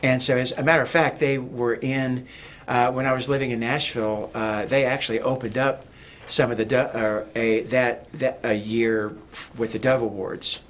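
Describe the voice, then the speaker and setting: A man's voice: medium pitch, fairly even intonation, moderate pace, fairly bright tone. A man talking as a guest in a casual interview, rambling with many fillers and restarts. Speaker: guest, music producer.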